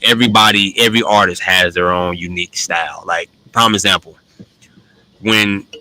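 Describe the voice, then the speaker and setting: A man in casual conversation, opinionated and animated, pushing his points with sharp emphatic rises. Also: sits low, normal speed, low-quality recording. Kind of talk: casual chat.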